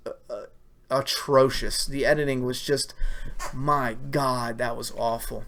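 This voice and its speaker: A man's voice: medium pitch, a bit bright, slight background noise. Blunt, profane male livestream host. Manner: blunt, profane and opinionated, with many uh fillers. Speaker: livestream host answering viewer questions. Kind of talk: casual live-stream chat.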